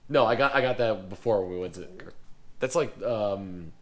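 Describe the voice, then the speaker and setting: A man's voice: on the low side, normal speed, fairly bright tone. A man talking through his week in a casual vlog, rambling with many fillers and restarts. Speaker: vlogger.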